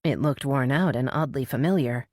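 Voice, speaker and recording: Woman narrator, very low voice, measured, dry close sound. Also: a little mellow, dry recording. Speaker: audiobook narrator. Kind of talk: scripted narration.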